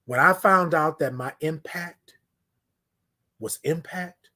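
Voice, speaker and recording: A man hosting a live-streamed morning show, talking in a preachy, affirming way, repeating his lines and swinging from loud to hushed. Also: medium pitch, lively intonation, measured pace, breathy edge. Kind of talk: motivational live-stream talk.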